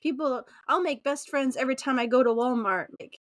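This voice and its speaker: High-voiced chatty woman, dry sound. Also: fairly quick, dry recording. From Utah, USA. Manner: chatty, laughing, acts out quoted voices. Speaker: podcast guest. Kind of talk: casual interview conversation.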